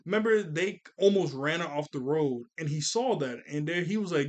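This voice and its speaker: A man giving a casual anime review, excitable and rambling, with frequent restarts and laughs. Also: high voice, brisk, hardly any pauses. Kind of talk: casual commentary.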